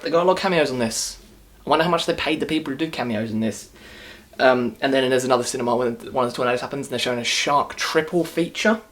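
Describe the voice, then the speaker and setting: A man rants his way through a movie review in a casual, mocking tone. He rambles, doubles back and restarts his sentences, with a voice of ordinary pitch for a man. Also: a bit bright.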